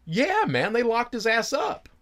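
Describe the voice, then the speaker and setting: A man's voice: very high voice, huge pitch swings, a little slow, a bit bright, pitched above the performer's own voice, exaggerated voice. A man putting on the voice of a casual, blunt male informant who talks in loose slang. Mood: eager.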